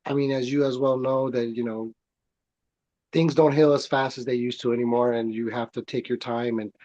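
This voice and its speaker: A man's voice: medium pitch, fairly even intonation, moderate pace, mellow, highs cut off. A man speaking as a guest in a casual chat, earnest and reflective.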